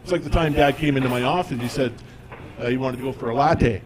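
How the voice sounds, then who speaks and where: In a noisy comedy club with a live audience, a forties-aged comedian talks fast through his stand-up routine. His mid-range delivery is conversational and self-deprecating.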